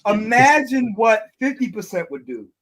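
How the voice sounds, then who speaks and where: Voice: medium pitch, very animated, normal speed, rough recording. A host from Detroit in a casual streamed discussion, talking emphatically and trailing into fillers before pressing the point again. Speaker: podcast host.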